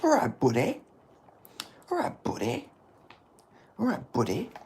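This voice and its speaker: A man doing an impression of a hyped-up male fighter screaming threats in a high, shrieking voice. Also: wildly swooping pitch, a little slow, a little mellow, slight background noise, heavily acted. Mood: taunting.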